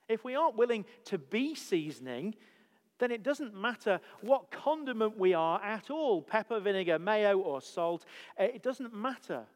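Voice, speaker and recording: A man delivers a sermon from the front of a church, his slightly raised voice ringing out with a long reverb. He builds his points through emphatic rhetorical questions in a steady preaching cadence. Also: high voice. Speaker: pastor.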